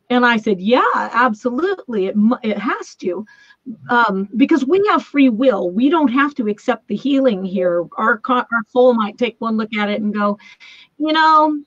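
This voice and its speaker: A woman's voice: fairly high pitch, no room sound. A woman telling a spiritual story in a casual chat over a remote call, laughing often and acting out the voices she quotes. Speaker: guest. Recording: dull lo-fi remote call audio.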